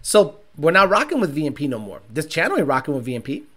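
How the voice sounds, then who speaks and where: A man livestreaming to his car channel's chat, talking casually in an animated, profane, slangy way. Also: on the high side, fast talker.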